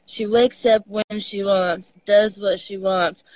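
Speaking slowly with fairly even intonation and a medium pitch, a guest with a Texas accent chats casually on a live video call, sharing stories with an occasional swear. It's a rough recording without echo.

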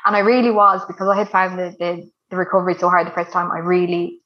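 Chatty woman, low voice. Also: level tone, quick pace. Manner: chatty, full of "like" and "you know" fillers. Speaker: guest sharing a birth story. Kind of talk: casual storytelling. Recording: dull lo-fi recording.

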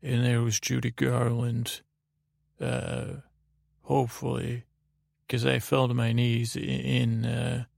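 Gravelly man rambling a bedtime story. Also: medium pitch, monotone, takes it slowly, darkish tone, no echo, studio quality. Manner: meandering, full of fillers and restarts. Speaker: podcast host.

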